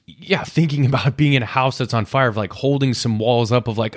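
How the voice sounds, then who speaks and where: A man's voice: mid-range voice, moderate pace, no room sound, studio quality. A man in his thirties hosting a podcast, talking candidly and reflectively about his own past and acting out his inner voices. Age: 30s. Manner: candid, self-searching, acts out inner voices. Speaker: podcast host. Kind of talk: personal reflective monologue.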